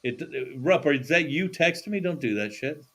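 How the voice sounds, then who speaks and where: A man's voice: fairly high pitch, lively intonation, moderate pace, a bit bright, a little hiss or hum. A man hosting a podcast in casual chat from a studio, swearing freely and laughing often. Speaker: podcast host.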